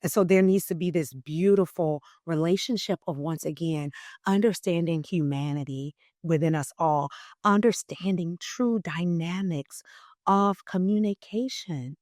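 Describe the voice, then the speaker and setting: A woman voice coach talking in a podcast interview, expressive and emphatic, shifting her loudness and pitch to make a point. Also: a little slow, no room sound, clean studio sound. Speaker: voice coach guest.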